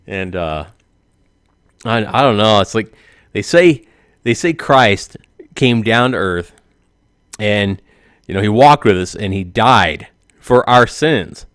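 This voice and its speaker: Rambling comic YouTuber, male, forties, lowish voice, dry close sound, chuckles at own punchlines. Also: animated, slow, long pauses, a bit bright, clean tone, dry recording. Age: 40s. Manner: rambling, laughs at his own jokes. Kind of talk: joking comedic monologue.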